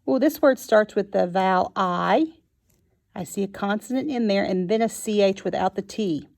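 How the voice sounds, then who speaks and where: A woman teaching a phonics lesson to young children, sounding out each word slowly and clearly. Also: mid-range voice, a little mellow. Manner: slow and clear, sounding out words.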